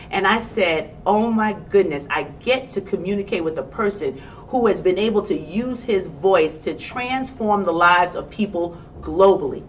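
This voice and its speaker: A woman with a New York accent, giving a motivational talk and acting out her own excited reactions as she tells a personal story. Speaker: motivational speaker. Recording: distant, dull sound with faint rumble.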